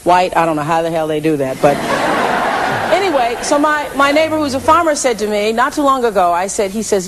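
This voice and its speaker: A woman's voice: mid-range voice, expressive, fast talker, low-quality recording. Woman guest, chatty storyteller, faint noise behind. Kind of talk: telling an anecdote.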